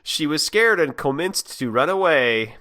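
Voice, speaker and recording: A man reads fan fiction aloud on a casual podcast, his voice bright and forward. His pitch swings freely as he narrates and trades jokes with his co-host. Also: unhurried. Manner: animated, laughing reader.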